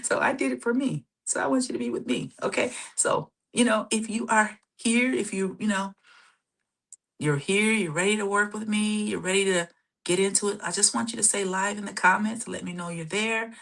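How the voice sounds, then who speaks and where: A woman hosting a live self-help session, guiding breathing and often checking in with "okay?", sometimes dropping to a soft whisper for affirmations. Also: medium pitch, steady tone, moderate pace, vocal fry. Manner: casual, warm-toned coaching, keeps checking in with "okay?". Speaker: therapist and show host.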